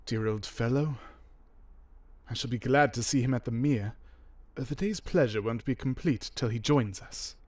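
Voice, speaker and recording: A man reading an audiobook, voicing an earnest, trusting young gentleman. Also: mid-range voice, moderate pace, dry recording, close to an everyday voice. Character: naive cheerful young gentleman.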